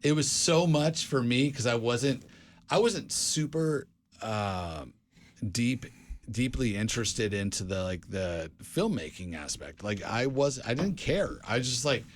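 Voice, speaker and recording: A man's voice: medium pitch, animated, measured pace. A man in casual podcast chat, rambling through stories with lots of "like" and "dude" and frequent restarts. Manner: rambling storyteller, many restarts, says "dude" and "like". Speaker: podcast co-host.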